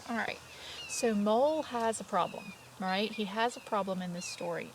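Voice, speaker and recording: A woman's voice: medium pitch, moderate pace, slight background noise, low-quality recording. A woman kindergarten teacher reading a picture book aloud to young children, stopping to chat and ask them questions. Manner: chatty, asks children questions, voices story characters.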